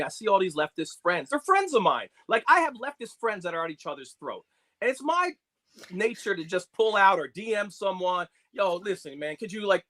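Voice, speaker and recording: A man talking as a guest in a heated political discussion. His voice sits high and moves with wide, lively swings. He rambles passionately and leans hard on his points.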